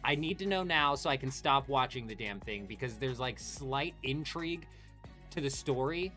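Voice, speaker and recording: An animated young man hosting a live game stream, talking straight to his chat with plenty of swearing. His voice sits at a plain middle pitch for a man, and faint music plays underneath. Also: normal speed. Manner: animated, swears a lot, talks to chat by name. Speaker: livestream host.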